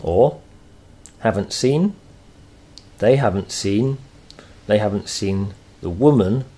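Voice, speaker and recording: A man teaching a grammar lesson, explaining slowly and patiently with thoughtful pauses. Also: fairly low pitch, lively intonation, warm tone, breathy edge.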